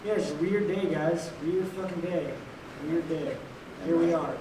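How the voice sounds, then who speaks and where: Blunt, foul-mouthed man, higher-pitched voice, rambling at a press conference, mic a bit far off in an echoey room. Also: unhurried. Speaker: fighter at post-fight press conference. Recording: echoey room, heard from a distance, faint noise.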